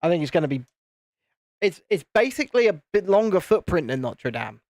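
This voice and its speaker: A British man from the United Kingdom in his late thirties hosts a YouTube live stream, chatting casually while building in a rambling, self-interrupting way. His high voice is very animated, a little fast, and a little mellow. The sound is clean studio quality with no echo.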